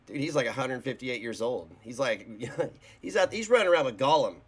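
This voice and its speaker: A man's voice: medium pitch, lively intonation, fairly quick, husky. A man hosting a reaction video, giving casual commentary in a rambling, blunt and mocking way.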